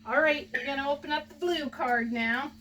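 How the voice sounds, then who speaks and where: A woman's voice: high voice, normal speed, a bit bright, recorded from a distance, slight background noise, rough recording. A woman opening gifts from fans on a home video, gushing, laughing often and using baby talk with her pet. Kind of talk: casual home video chat.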